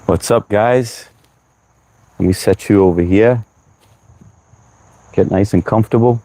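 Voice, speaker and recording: A man's voice: fairly low pitch, unhurried, mellow. A young man from the US hosting a casual livestream, greeting viewers by name, mixing in Hindi phrases and sounding short on sleep. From United States. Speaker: livestream host.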